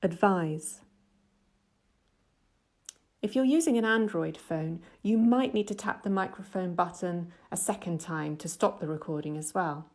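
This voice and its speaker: Reading from a script, this middle-aged woman teaches English in a voice pitched on the low side. Her delivery is clear, unhurried and patient, keeping an even, explanatory tone like someone leading a student through each stage.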